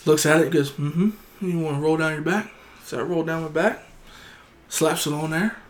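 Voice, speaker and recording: A man on a casual chat show, rambling through a story and quoting everyone in it. His voice sits a bit high for a man, and his talk is loose, profane and full of restarts. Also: fairly even intonation, normal speed, slight background noise. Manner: rambling anecdote teller, quoting others, swears freely. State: gets heated and shouts when indignant.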